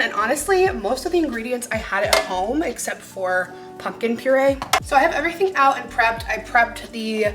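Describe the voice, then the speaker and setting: A young woman in her twenties chatting casually through a home cooking vlog, bubbly, giggly and poking fun at herself. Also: a little high. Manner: bubbly, giggly and self-mocking. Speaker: lifestyle vlogger. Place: home kitchen. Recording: echoey kitchen with music underneath.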